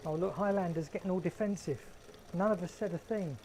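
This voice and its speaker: A man's voice: high voice, fairly quick, darkish tone, slight background noise, low-quality recording. A man with a London accent hosting a casual live stream from his garden shed, chatting with viewers in a wry, joking way. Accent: London English. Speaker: livestream host.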